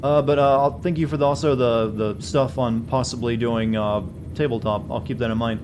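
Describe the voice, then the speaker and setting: A man streams a game and chats loosely with viewers, full of "uh"s and restarts. His voice is mid-pitched. A steady hiss runs under the recording. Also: normal speed. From southern US. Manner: chatty, rambling, many fillers. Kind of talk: casual gameplay chat.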